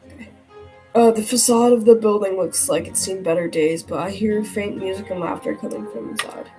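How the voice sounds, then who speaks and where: A woman streamer reading a story game aloud, breaking off into animated outbursts and jokes to her chat. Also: mid-range voice, a little fast, low-quality recording. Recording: game music and crowd sounds behind the voice. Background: game music and tavern crowd noise.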